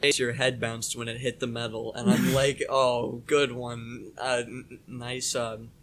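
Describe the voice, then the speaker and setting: A young man co-hosting a casual podcast, telling a story in a rambling, animated way with lots of fillers. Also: mid-range voice, measured pace, a little hiss or hum. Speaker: podcast co-host.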